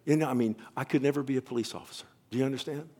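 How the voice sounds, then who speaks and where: A man preaching a sermon, telling a story dramatically and swinging between loud passages and hushed ones, often asking his listeners directly if they follow him. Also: mid-range voice, rapid-fire. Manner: addresses listeners directly with questions.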